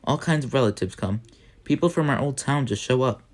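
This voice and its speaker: A man voicing a scrappy, loyal poor city boy, coaxing in quick street slang. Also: medium pitch, natural voice.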